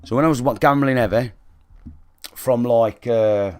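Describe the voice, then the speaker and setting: A man's voice: mid-range voice, unhurried, darkish tone, clear, resonant tone, dry recording, clean studio sound. A British man livestreaming, telling a candid story to his chat in a blunt, sweary, conversational way and checking in with listeners. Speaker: gaming livestreamer.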